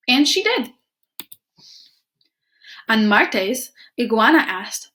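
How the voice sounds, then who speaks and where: A woman teacher reading a picture book aloud to children, pausing to ask them questions. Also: fairly high pitch, lively intonation, fairly bright tone. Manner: clear, questioning the young listeners.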